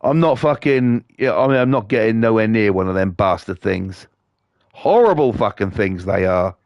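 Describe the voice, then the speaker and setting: A man's voice: fairly low pitch, expressive, normal speed, no echo, dull audio. A British man streaming a game, ranting bluntly and swearing constantly as he chats to viewers. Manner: profane, blunt, scornful. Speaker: livestreamer.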